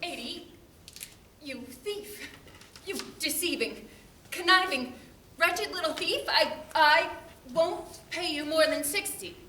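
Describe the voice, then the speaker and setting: A woman playing a stingy, easily indignant male gentleman customer, huffy and deliberate. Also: high voice, exaggerated voice. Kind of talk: amateur stage acting. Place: theater stage. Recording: echoey hall, from far off, noisy.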